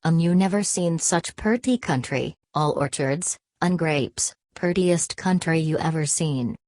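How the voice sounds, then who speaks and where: A woman's voice: low voice, measured pace, a little mellow, no room sound. A woman reading the part of a weary migrant father who speaks in a plain, bitter drawl, in an audiobook.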